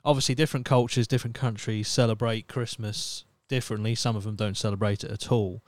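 A man hosting a podcast in a relaxed, casual way, swearing now and then and talking to his listeners. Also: lowish voice, fast, no echo. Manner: relaxed, swears casually, reads chat aloud. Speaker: podcast host. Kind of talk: casual chat.

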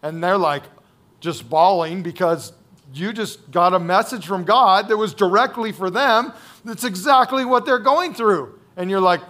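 Male pastor, high voice, conversational sermon delivery, repeats lines for emphasis. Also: normal speed, pushed and bright. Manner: conversational, checks in with "right?" and "okay?"; repeats key phrases for emphasis.

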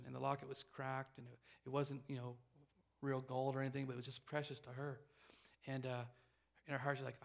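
Fast-talking man telling a sermon story. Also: mid-range voice, vocal fry. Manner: fast, animated storytelling with restarts. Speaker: preacher.

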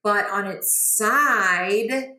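A woman's voice: mid-range voice, drawn-out words, pushed and bright. A woman playing in a mystery game, thinking aloud in casual chat. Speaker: player. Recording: roomy echo.

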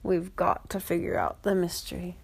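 A woman voicing a pair of excitable young animal pals, a monkey and a tiger, in a chatty, curious way. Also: lowish voice, normal speed, gravelly, breathy edge, full character voice.

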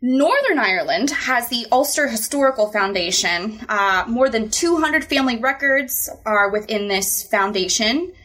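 A woman's voice: a little high, expressive, normal speed, hardly any pauses, a bit bright. A woman co-hosting a podcast in casual chat, upbeat and chatty with playful exclamations. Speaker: podcast co-host.

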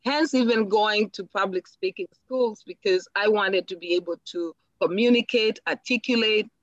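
A woman's voice: medium pitch, normal speed, dry recording, lo-fi sound. A woman from Africa, earnestly and reflectively as an interview guest, often repeating words as she thinks. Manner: earnest, reflective, with frequent repetitions. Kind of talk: personal interview.

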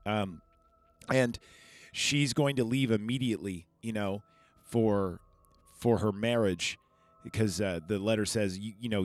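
A man's voice: fairly low pitch, unhurried, pauses often. A man hosting a podcast, recapping a film in a rambling, chatty way full of fillers and asides. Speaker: podcast host reviewing a film. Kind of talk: casual chat. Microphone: podcast microphone.

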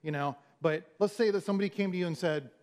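Man, pastor, sermon, slightly high voice, conversational, storytelling, restarts words. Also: fast, a little mellow. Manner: conversational, storytelling with acted-out quotes.

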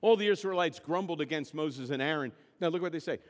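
A man's voice: a little high, quick pace, hardly any pauses, big-room sound. A man preaching a sermon, stressing and repeating key words. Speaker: pastor.

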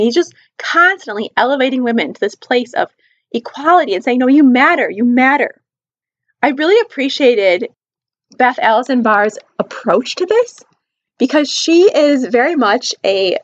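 A Christian book reviewer talks to her viewers in a casual personal vlog, earnest and emphatic, repeating points to drive them home. She has a high voice, and the recording sounds muffled.

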